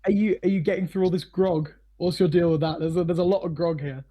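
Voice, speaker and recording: A man's voice: sits high, steady tone, fast, dark tone. A man narrating as game master for a tabletop game, laughing often and swearing freely.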